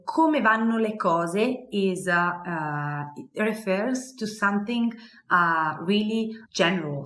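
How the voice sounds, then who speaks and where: A woman's voice: deep voice, fairly bright tone, roomy sound. A woman with an Italian accent, a native Italian speaker, teaching phrases in a casual lesson with many fillers. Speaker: language teacher. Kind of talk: language lesson.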